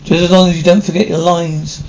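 A man's voice: fairly high pitch, little pitch movement, brisk, darkish tone, lightly acted, low-quality recording. A man playing a blunt, slangy male backer of a stage play in a 1950s television drama. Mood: brash. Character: brash male money man, pushy and blunt. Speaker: theater backer. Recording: faint hiss of an old TV soundtrack.

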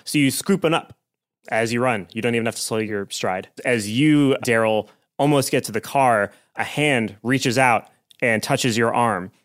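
A man's voice: mid-range voice, normal speed, a bit bright. A man narrating a tabletop game as game master, laughing often as he goes.

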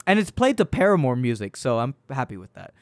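Reviewing a film as a podcast co-host, a young man retells the plot in a loose, profane ramble, breaking into laughter as he goes. He speaks fast in a mid-range voice with big pitch swings, recorded cleanly in a studio without echo.

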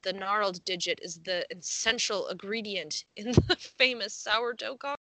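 A woman's voice: mid-range voice, normal speed, sharp tone, no room sound, low-quality recording. A young woman co-hosting a casual podcast, reading a news story aloud with frequent giggles and casual swearing. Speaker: podcast co-host.

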